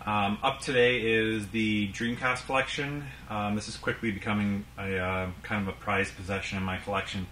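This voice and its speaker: A man's voice: on the low side, fairly even intonation, normal speed, hardly any pauses, sharp tone, echoey room, a little hiss or hum. A man in his thirties from Canada, hosting a casual vlog about his game collection and talking in a rambling way with many ums and uhs. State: out of breath. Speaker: game collector channel host.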